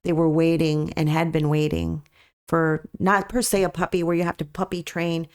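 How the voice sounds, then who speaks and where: A woman with a lowish voice speaks as a podcast guest. She tells her story as a dog breeder in an earnest, emphatic way and keeps coming back to her main points. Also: normal speed, a little mellow. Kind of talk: conversational storytelling.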